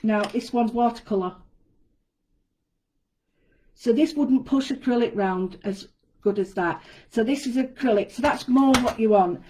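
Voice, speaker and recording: A woman leads a live craft demonstration, explaining each step in a chatty, friendly way. Her voice sits a little high, with a mellow, warm tone. She talks from an indoor studio. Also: unhurried, pauses often, poor audio. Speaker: guest designer demonstrating a craft.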